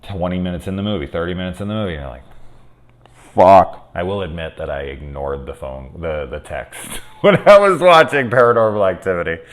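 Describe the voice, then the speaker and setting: A man in his thirties giving a casual, candid spoken review of a horror film, often cursing and swinging between quiet musing and loud exasperation. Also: deep voice, animated, fast talker, hardly any pauses.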